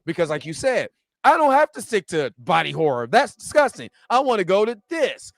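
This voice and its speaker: A man's voice: sits high, sing-song, brisk, creaky, dry recording, clean studio sound. A man co-hosting a podcast, talking in a laid-back, rambling way with lots of fillers. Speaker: podcast co-host. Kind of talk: casual chat.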